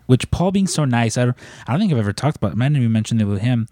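Brief: male podcast co-host, mid pitch, loose storyteller who swears, dry room. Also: big pitch swings, rapid-fire, mellow, dry recording. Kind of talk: casual chat.

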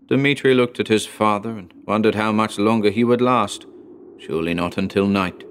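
A man hosting a horror podcast, narrating a story in a measured, deliberate reading. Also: fairly low pitch, slight background noise.

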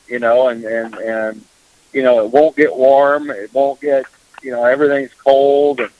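A man's voice: medium pitch, no echo. Rambling man on dull lo-fi radio. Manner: rambling, heavy on "you know" fillers. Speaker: fishing guest. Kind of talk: casual radio chat.

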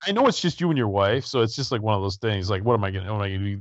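A man's voice: on the low side, lively intonation, very fast, no room sound, muffled recording. Wry podcast co-host man. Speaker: podcast co-host and music reviewer. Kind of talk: casual podcast chat.

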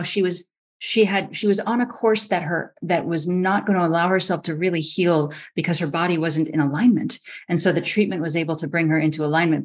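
Animated woman telling a story. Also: fairly low pitch. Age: middle-aged. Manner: lively, acts out quoted voices, frequent restarts. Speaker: osteopathic physician guest. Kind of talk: animated storytelling in a podcast interview.

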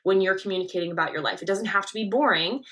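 Bright, energetic woman coaching podcast host. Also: mid-range voice, rapid-fire. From Nebraska. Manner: energetic, leaning-in delivery with emphatic stresses.

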